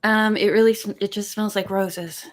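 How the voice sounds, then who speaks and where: A woman's voice: mid-range voice, steady tone, moderate pace. A woman hosting a casual live stream, chatting in a rambling way and counting pages aloud. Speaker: live-stream host reading a book.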